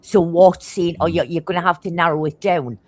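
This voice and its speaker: A middle-aged woman from Newcastle with a thick Geordie accent and a slightly low voice. She tells stories fast and bluntly, with swearing in nearly every line. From Newcastle, England. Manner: swears constantly, blunt and animated; talks fast. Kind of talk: casual chat, storytelling.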